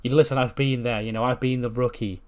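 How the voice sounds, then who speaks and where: A cocky veteran male wrestler, as a man voices him. He is boastful and lectures in a loud, self-assured way. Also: medium pitch, steady tone, fast talker, natural voice.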